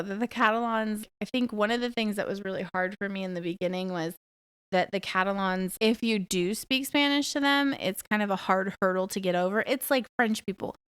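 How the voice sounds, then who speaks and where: In a casual solo podcast, a woman in her thirties talks frankly and bluntly, swearing freely. Her mid-range voice is smooth and a little fast. The sound is studio quality with no room sound.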